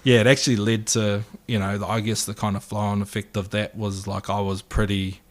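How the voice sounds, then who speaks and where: A man in his thirties with a New Zealand accent, a guest telling a lively anecdote in casual chat and acting out the quotes. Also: lowish voice, a little fast.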